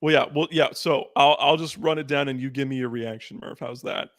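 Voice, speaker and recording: A man co-hosting a podcast, recapping matches in quick run-downs and laughing often in casual chat. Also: mid-range voice, steady tone, a bit bright, dry recording. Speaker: podcast co-host.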